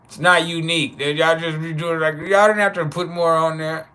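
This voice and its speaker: Livestream host, male, 30s, loose joking delivery with lots of laughs, bright and forceful. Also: a little high, little pitch movement, smooth. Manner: loose, joking, laughs often, drawn-out names. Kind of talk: casual live chat with viewers.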